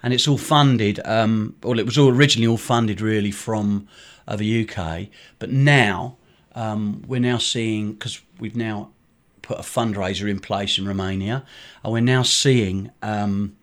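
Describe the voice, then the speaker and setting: A man's voice: fairly low pitch, unhurried. A middle-aged man, a charity director, telling a story in an interview in a rambling way with many fillers and restarts. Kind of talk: conversational storytelling.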